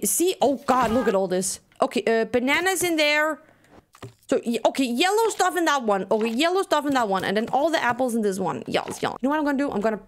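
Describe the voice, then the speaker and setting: A woman giving excitable let's-play commentary, gasping and chattering to herself as she plays. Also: sits high, slight background noise. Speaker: video game streamer.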